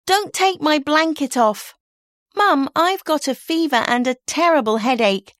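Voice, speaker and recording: A woman's voice: high voice, lively intonation, a little slow, fairly bright tone, no echo, clean studio sound, voice pushed up. A woman voicing a twelve-year-old girl who complains dramatically that she is too sick for school. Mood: whiny pleading.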